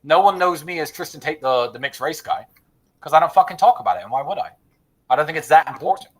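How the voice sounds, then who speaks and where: A man with a slightly high-pitched voice gives blunt, strongly held opinions on a podcast. He curses freely and often stammers and restarts mid-sentence. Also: fast, rough recording. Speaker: podcast guest. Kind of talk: casual chat.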